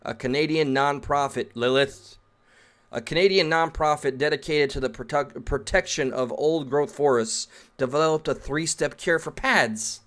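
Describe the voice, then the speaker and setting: A man's voice: fairly high pitch, normal speed, fairly bright tone. A man reading an article aloud and breaking off into sarcastic, rambling asides in a casual reaction rant.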